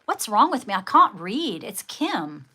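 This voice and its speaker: A woman's voice: mid-range voice, big pitch swings, measured pace, sharp tone. A woman hosting a casual livestream, chatting with viewers and thanking them, often calling them darling. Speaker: livestream host.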